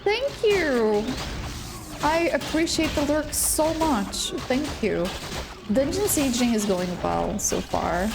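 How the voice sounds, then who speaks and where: A woman's voice: high voice, big pitch swings, slow pace, creaky, music in the background. A woman chatting casually while streaming a game from home, talking to her chat and pets. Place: home room.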